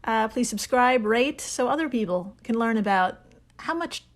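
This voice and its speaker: A woman's voice: on the high side, lively intonation, moderate pace. A woman co-hosting a casual podcast, giggling often as she talks. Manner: giggly, laughs often while reading. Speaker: podcast co-host.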